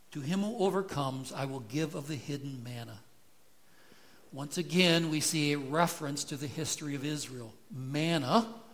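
A man preaching an expository sermon, earnest and building in intensity as he explains scripture. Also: fairly high pitch. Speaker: pastor.

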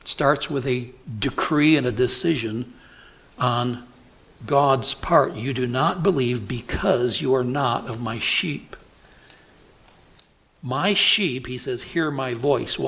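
A man preaching an expository sermon at an unhurried, measured pace. His voice sits at an ordinary middle pitch. He leans on key words and keeps asking the congregation rhetorical questions. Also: a bit bright. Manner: deliberate, emphatic, asks the congregation rhetorical questions.

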